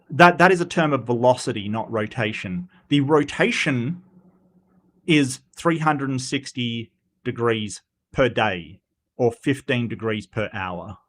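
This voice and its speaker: A man's voice: medium pitch, a bit bright. An Australian man hosting a live commentary stream, reading chat comments and answering them. He talks bluntly and wryly, often restarting his sentences. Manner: halting, many restarts, blunt and wry.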